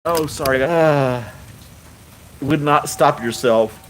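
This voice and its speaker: Male livestream host, casual chat, frequent helpless laughter, unhurried. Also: fairly high pitch, a bit bright, a little hiss or hum. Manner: laughs hard and often while talking.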